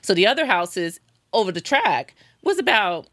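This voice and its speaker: A woman's voice: medium pitch, very animated, normal speed, a bit bright, dry recording. A woman from Los Angeles, a podcast guest who works in real estate, telling stories in a casual interview and acting out her own past words. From Los Angeles, USA.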